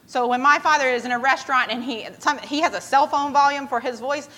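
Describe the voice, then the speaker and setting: Chatty bright-voiced woman preacher. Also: sits high, brisk. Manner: chatty, self-deprecating, often laughing. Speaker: preacher leading a skit with volunteers. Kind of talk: casual storytelling sermon.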